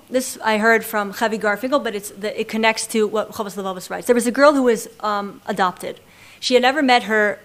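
A woman giving a religious class in a classroom. She is an expressive storyteller who acts out quoted lines. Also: a little high. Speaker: Torah teacher.

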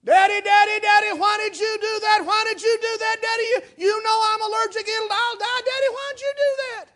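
Male preacher doing a panicked little girl, very high and loud, pleading. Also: fairly even intonation, a little fast. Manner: shrill, pleading, shouted. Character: terrified little girl screaming for her daddy.

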